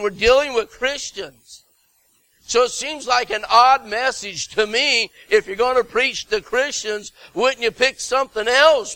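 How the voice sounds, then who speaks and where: A man's voice: high-pitched, pushed and bright, no echo, low-quality recording. A man preaching a Baptist sermon, earnest and emphatic, stretching out key phrases and slipping in jokey self-mocking asides.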